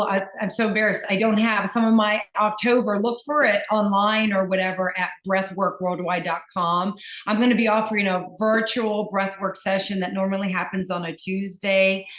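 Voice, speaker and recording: A woman's voice: medium pitch, steady tone, moderate pace, a bit bright. Enthusiastic woman breathwork teacher, casual and gushing, recorded in a roomy space. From Virginia, US. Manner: enthusiastic, gushing, with many fillers and restarts. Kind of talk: casual conversation.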